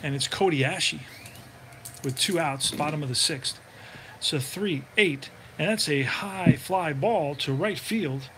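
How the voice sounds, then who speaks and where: Guy doing play-by-play for his own dice baseball game, kinda high voice, laid back and chatty, bit of hiss behind him. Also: slow pace. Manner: relaxed, chatty, thinks aloud while looking things up. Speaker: tabletop baseball game narrator.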